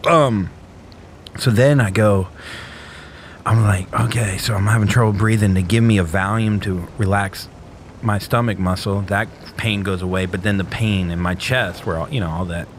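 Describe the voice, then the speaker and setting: A man casually telling a wild story on a podcast, animated and profane, laughing as he goes. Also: lowish voice, moderate pace, a little hiss or hum. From small town.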